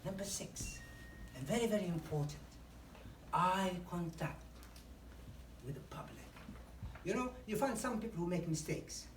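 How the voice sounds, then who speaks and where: A woman with a lowish voice and lively intonation leads a public speaking workshop for a live group in a meeting room, speaking at a moderate pace with frequent pauses. She acts out examples and often says "you know." The distant mic gives a roomy echo with faint ambience and slight background noise.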